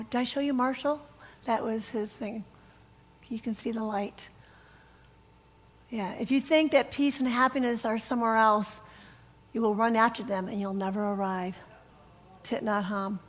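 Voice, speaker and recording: A middle-aged woman minister giving a casual storytelling sermon, animated and laughing as she acts out dialogue. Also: fairly high pitch, moderate pace.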